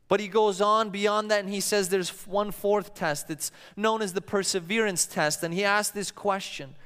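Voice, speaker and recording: Man, pastor, sermon, high-pitched, smooth clear voice, storytelling, acts out quotes, long hall reverb. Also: steady tone, normal speed, few pauses, fairly bright tone.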